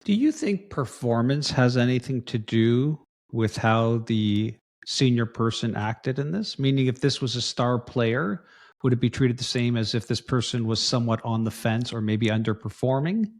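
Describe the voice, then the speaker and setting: A man's voice: medium pitch, normal speed, darkish tone. A man hosting a podcast, asking probing questions and thinking aloud in a conversational way. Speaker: podcast host. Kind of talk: conversational interview.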